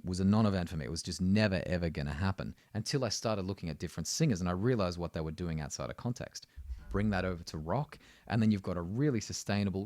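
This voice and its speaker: A man's voice: low-pitched, darkish tone, dry recording, studio quality. A man teaching singing, explaining technique and often checking in with "right?". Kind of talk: vocal lesson.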